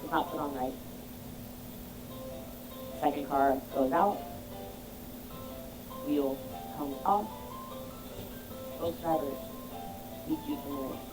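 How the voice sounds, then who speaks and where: A woman's voice: low voice, slow, pauses often, over music, rough recording. A woman business coach giving an emphatic motivational talk, firing rhetorical questions at her audience. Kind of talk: motivational speech.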